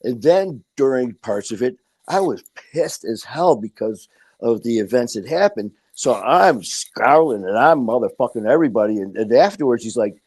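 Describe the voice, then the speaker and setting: This middle-aged man speaks at an ordinary, mid-range pitch. He talks in a candid, rambling way, swears freely and acts out what people said to him as he tells his stories. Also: lively intonation, normal speed, darkish tone, slightly rough. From Detroit, Michigan. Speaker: podcast guest. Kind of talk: casual interview talk.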